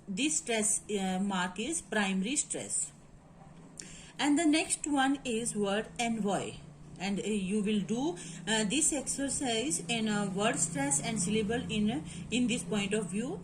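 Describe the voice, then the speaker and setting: High-voiced woman teaching phonetics. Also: slight background noise, low-quality recording. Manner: halting, repetitive explaining with many fillers; switches into Hindi asides. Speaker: English literature teacher. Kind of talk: classroom lecture on word stress.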